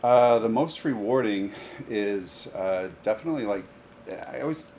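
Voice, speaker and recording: A man with a very low voice tells stories in an animated, chatty way and laughs along with his own tales. The podcast recording has a clear layer of background noise behind him. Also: normal speed. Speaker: high school golf coach. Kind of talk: casual podcast storytelling.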